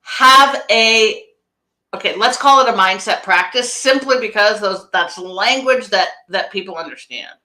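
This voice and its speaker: Bright-voiced lady coach rambling on a live stream, lots of restarts, echoey room. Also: medium pitch, measured pace. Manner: rambling, emphatic, with frequent restarts. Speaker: business coach. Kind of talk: casual live-stream talk.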